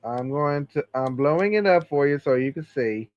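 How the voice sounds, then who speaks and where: A man hosting a casual chat who reads through a list of games, slowly and with many fillers. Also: fairly high pitch, expressive, dull audio. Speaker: podcast host.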